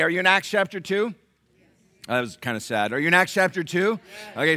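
A middle-aged male pastor preaching a sermon in a church, animated and conversational, quizzing the congregation. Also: high voice, no echo, clean studio sound. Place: church sanctuary.

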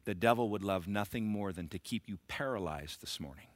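A man preaching a sermon as pastor, emphatic and repetitive, rising to shouted bursts. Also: fairly low pitch, brisk, no room sound.

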